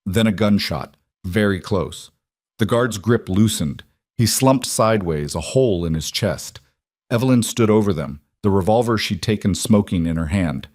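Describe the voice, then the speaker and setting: A man narrating a scripted western story in a steady, even manner. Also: on the low side, normal speed, dry recording, clean studio sound.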